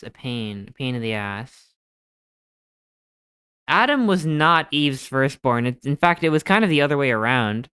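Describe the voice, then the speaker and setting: A streamer giving excitable live gameplay commentary, thinking aloud while guessing and swearing often. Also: mid-range voice, smooth, dry recording, studio quality.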